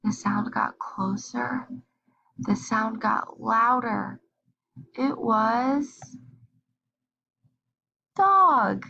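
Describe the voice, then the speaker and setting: A woman reading a picture book aloud to young children, slow and expressive, pausing to ask them questions. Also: on the high side, creaky, highs cut off, noisy background. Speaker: storybook reader. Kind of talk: children's read-aloud storytime.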